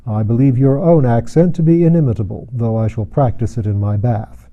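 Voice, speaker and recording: A man voicing a huge, commanding president with a genial menace, speaking slowly and deliberately. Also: mid-range voice, mellow, muffled recording, natural voice. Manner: slow, deliberate, brisk and mocking.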